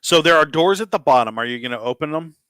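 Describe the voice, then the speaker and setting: A man's voice: fairly high pitch, quick pace, smooth, dry recording. Easygoing man running a tabletop game. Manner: relaxed, full of ums and uhs. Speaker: game master.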